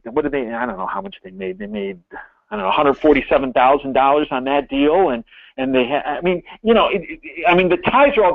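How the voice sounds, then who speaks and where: High-voiced older man on a phone line. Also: vocal fry, dry recording. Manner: rambling with many restarts, emphatic. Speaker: guest. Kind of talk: phone-in interview storytelling.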